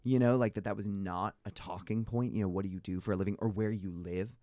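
A man chatting casually, telling animated stories with many fillers. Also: fairly low pitch, quick pace, no room sound, studio quality. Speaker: guest. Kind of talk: casual conversation.

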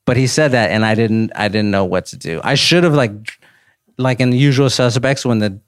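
A man in his thirties, a podcast guest, telling a casual story with animated rises into disbelief. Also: medium pitch, brisk, clean tone, no echo, clean studio sound.

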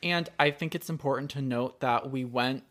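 A woman's voice: extremely low pitch, normal speed, a bit bright. A woman cohosting a podcast, telling a story in casual chat and acting out her own reactions. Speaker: podcast co-host.

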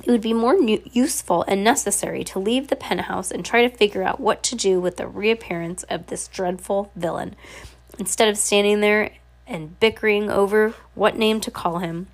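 A woman's voice: mid-range voice, moderate pace. A woman with a scratchy throat from a cold, reading a novel aloud with casual asides. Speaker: reader.

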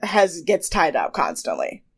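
A woman's voice: fairly low pitch, wildly swooping pitch, measured pace, breathy edge. A young woman co-hosting a podcast, chatting casually and gossiping about a TV show, laughing often and mimicking voices. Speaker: podcast co-host. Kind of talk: casual chat recapping a TV show.

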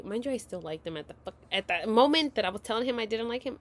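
A woman's voice: a little high, lively intonation, fast talker, few pauses. A woman in her thirties telling a story to her viewers at home in a casual, dramatic and profane way, often dropping to a whisper. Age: 30s.

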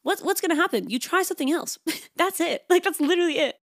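A woman's voice: extremely high pitch, expressive, fast talker, no room sound, clean studio sound. A woman hosting a self-help podcast, talking casually and reassuringly, with lots of "like" fillers. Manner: chatty, frequent "like" fillers; encouraging, reassuring. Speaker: podcast host.

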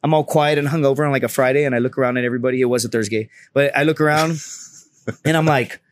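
Podcast guest, male, rapid-fire profane storyteller on a bone-dry close mic. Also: mid-range voice, fairly even intonation, no echo. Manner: profane, acts out the people in his stories. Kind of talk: animated comedic storytelling.

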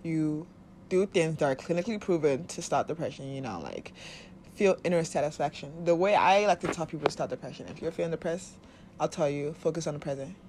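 A woman's voice: deep voice, expressive, fairly quick, darkish tone, a little hiss or hum. A woman giving casual spiritual self-help advice, blunt and profane, often laughing and acting out little voices. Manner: acts out quoted voices of body and soul.

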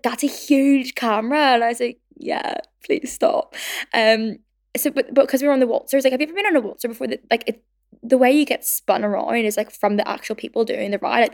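Her voice is on the high side and gravelly: a Belfast-accented podcast host from Northern Ireland, in her twenties. She chats casually, fills her speech with "like," and performs the quotes in her stories.

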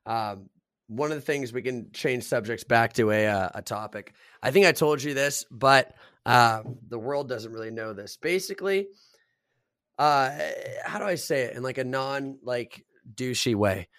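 A man's voice: mid-range voice, a little slow, dry recording, studio quality. A man in his twenties, a podcast co-host, telling stories in casual chat with plenty of swearing. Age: 20s. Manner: swears a lot, animated storytelling.

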